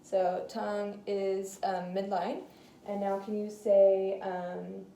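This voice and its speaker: A woman's voice: medium pitch, flat delivery, slow pace, creaky, mellow. A woman talking through a clinical nerve exam in a hesitant way, with many fillers, in an echoey room. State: slightly out of breath. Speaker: student doing a clinical neuro exam. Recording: echoey room, faint noise.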